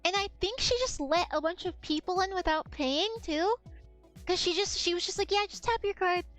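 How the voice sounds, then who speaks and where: High-voiced woman telling a rambling story. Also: normal speed, faint music behind. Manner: rambling, animated anecdote with swearing and acted-out quotes. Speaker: streamer. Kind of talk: casual storytelling chat.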